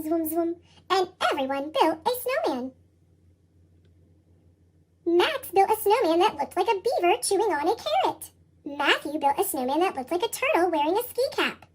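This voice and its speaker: A storybook reader telling a children's picture book in a lively way, with the voice pitched up into a sped-up chipmunk sound. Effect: sped-up chipmunk pitch shift. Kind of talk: picture book read-aloud.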